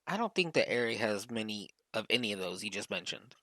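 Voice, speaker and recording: Bright-voiced man with dry remarks. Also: on the low side, animated, fairly quick, dry recording. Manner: brief, dry reactions and remarks. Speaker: podcast co-host. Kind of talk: casual chat.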